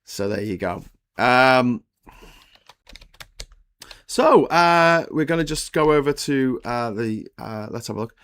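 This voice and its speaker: A man's voice: medium pitch, lively intonation, takes it slowly, pauses often, fairly bright tone, clear, resonant tone. A middle-aged man from the UK hosting a casual political live stream. He is blunt and sweary, and rambles with lots of fillers.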